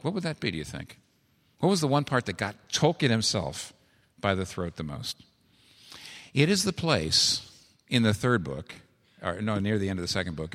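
A man preaching a sermon, earnest and pleading, who swings from quiet storytelling to urgent, climbing exhortation. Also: lowish voice, in a large hall.

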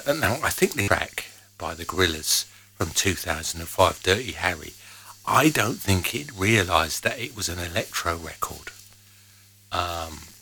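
A man's voice: low voice, sharp tone, a little hiss or hum, poor audio. A man hosting a music radio show, chatting casually between records in a rambling, anecdotal way with many fillers. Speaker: radio DJ host.

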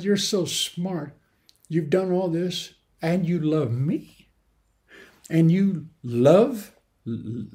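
A man preaching a sermon in an earnest way, with sudden emphatic rises and halting restarts. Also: a little high, creaky. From grew up in the mountains.

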